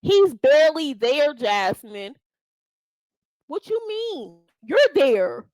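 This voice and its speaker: A woman's voice: high voice, big pitch swings, slow, a little mellow, no room sound, lo-fi sound. A woman hosting a reaction video, talking in blunt, profane, scolding commentary. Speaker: reaction channel host.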